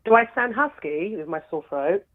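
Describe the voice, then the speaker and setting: A chatty British woman calls in over a tinny phone line, her voice roughened by a sore throat. She talks in a friendly way at an average pitch. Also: animated, normal speed. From United Kingdom. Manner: chatty, friendly, laughing often. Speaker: caller. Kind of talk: phone call-in chat.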